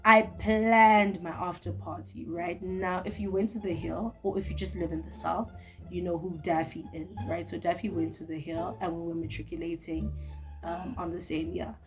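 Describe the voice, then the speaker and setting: A young woman telling a story to her viewers in a vlog, lively and talking straight to the camera. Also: lowish voice, moderate pace, music in the background. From South Africa. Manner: animated, talks straight to the viewer. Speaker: vlogger.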